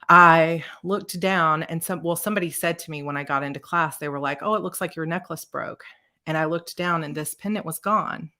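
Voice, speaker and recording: Gravelly, bright-voiced woman telling a personal story. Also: low-pitched. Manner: emotional, near tears, halting restarts. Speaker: author and video host.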